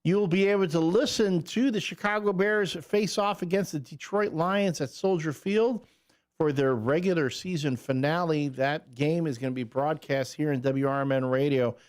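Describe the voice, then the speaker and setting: A man's voice: a little high, normal speed. A man co-hosting a morning radio show in a studio, talking loosely with fillers and restarts. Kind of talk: casual morning radio chat. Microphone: studio microphone.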